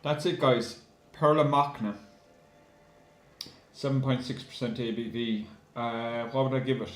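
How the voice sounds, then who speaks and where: A man chatting casually to his viewers in a video review, calling them guys and filling pauses with lots of ums. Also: medium pitch, steady tone, a little hiss or hum. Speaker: beer reviewer. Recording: roomy echo.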